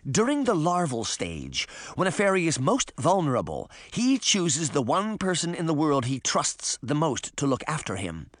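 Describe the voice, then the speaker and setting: A man voicing a proud, bitter fairy girl in a storybook reading, speaking in a low seethe. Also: wildly swooping pitch, normal speed, few pauses, dry recording, clean studio sound.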